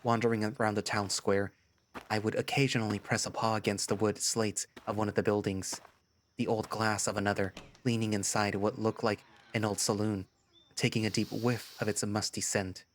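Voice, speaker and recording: A man narrating a first-person story in a lively storytelling manner. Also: fairly low pitch, moderate pace, a little hiss or hum. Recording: music playing behind.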